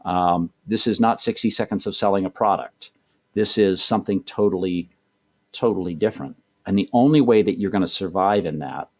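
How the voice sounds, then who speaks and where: A middle-aged man, a voice director, talking in a casual interview, thoughtful and rambling with many restarts. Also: low voice. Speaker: voice director guest.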